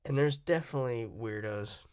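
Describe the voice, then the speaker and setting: A man's voice: mid-range voice, brisk, darkish tone, clear, resonant tone, dry recording, studio quality. A man from Virginia and Florida talking in a casual, rambling, opinionated monologue and often cutting himself off. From Virginia and Florida, USA. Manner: opinionated, rambling, self-interrupting.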